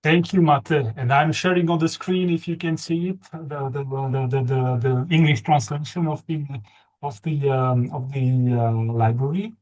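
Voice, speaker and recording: A man's voice: on the high side, fairly even intonation, moderate pace, darkish tone, highs cut off. A man moderating a webinar, stammering through restarts as he hands the floor to the next speakers. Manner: stammering restarts while handing over. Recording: distant from the mic.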